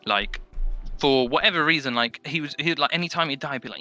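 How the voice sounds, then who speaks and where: A man's voice: mid-range voice, fast talker. A man talking in a casual gaming podcast chat, rambling with lots of fillers. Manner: rambling, filler-heavy, animated impressions of others. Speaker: podcast guest.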